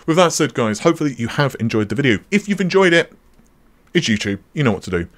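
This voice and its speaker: A man's voice: medium pitch, big pitch swings, fast talker. A man hosting a tech channel, talking casually and off the cuff, full of fillers, restarts and self-corrections. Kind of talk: casual unscripted commentary.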